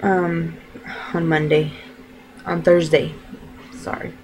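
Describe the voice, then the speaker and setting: A woman's voice: sits low, little pitch movement, slow, a little mellow, a little hiss or hum, rough recording. A young woman chatting casually in her video diary, rambling and full of fillers. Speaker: vlogger. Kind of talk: casual chat.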